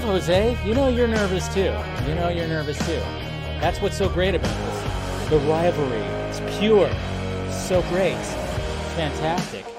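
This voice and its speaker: A young man hosting a casual live stream, chatting loosely and greeting viewers by name. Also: high-pitched. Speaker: live show host.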